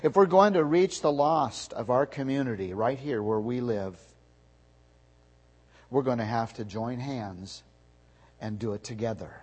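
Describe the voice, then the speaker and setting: A male pastor delivers a sermon in a husky, slightly breathy voice. He preaches with emphasis, his voice rising and growing louder on the words he wants to stress. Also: mid-range voice, measured pace, long pauses, low-quality recording.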